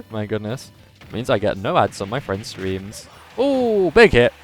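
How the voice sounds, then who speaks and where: A man calls a live video game tournament in a punchy, emphatic commentator voice and chats with his viewers between the plays. His voice sounds a little worn and strained. Faint music runs quietly underneath. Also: lowish voice. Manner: animated commentator voice, says his voice is going. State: slightly strained voice.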